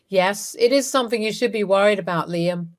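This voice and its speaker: A woman narrating a first-person story in a measured, coolly resentful way. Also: medium pitch.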